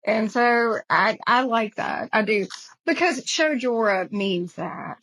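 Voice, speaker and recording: A woman's voice: on the high side, slow, fairly bright tone, rough recording. A woman with a Southern American accent co-hosting a casual podcast chat, getting emotional as she quotes favorite lines. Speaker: podcast co-host.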